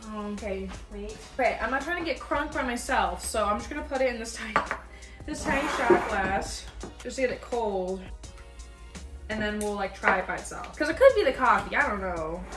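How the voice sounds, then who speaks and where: Her voice is medium in pitch with a fairly bright tone as this young vlogger samples food and gives blunt, casual remarks. Faint music plays in an echoey room, picked up by a distant mic.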